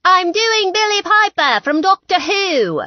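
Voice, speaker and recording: A woman narrator voicing a klutzy, cheerful nerdy young woman who talks high and loud and hams up a fake British accent. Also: sing-song, slow pace, no echo, muffled recording. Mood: playful, loud.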